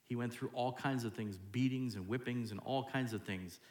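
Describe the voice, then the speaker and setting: A man preaching a sermon as pastor, dropping to hushed tones and then jumping loud and high as he acts out what people say to God. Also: moderate pace, roomy sound. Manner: acts out quoted voices, swinging from hushed to loud.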